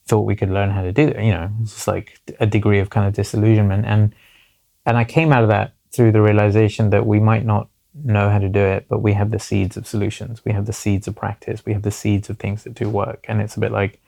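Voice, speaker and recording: A man in his forties speaks as an interview guest, his voice pitched low and roughened by steady fry. He talks earnestly and thinks aloud, leaning on small fillers as he works through his points. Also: fairly quick. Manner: earnest, repeats "basically" and "you know". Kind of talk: reflective conversational interview.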